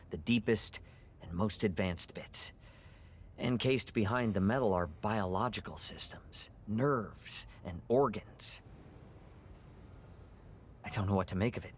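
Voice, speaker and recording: An actor playing an analyst who explains the findings on alien ruins in technical terms. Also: male voice, on the low side, slight background noise, natural voice.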